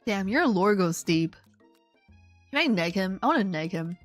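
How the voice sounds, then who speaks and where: A woman streams a game live, joking and chatting animatedly with her viewers. Her voice is medium-pitched at a normal speed, with soft music in the background.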